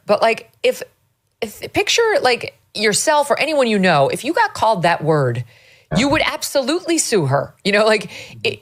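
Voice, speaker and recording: A woman hosting a political talk show, arguing in a wry, conversational way. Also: lowish voice. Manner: wry, argumentative, with light laughs. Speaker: show host.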